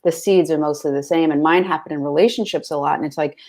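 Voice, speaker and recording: A woman's voice: deep voice, steady tone, fast, a little mellow. A woman guest in casual conversation, talking freely and chattily with lots of fillers. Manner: chatty, full of fillers like "like" and "you know".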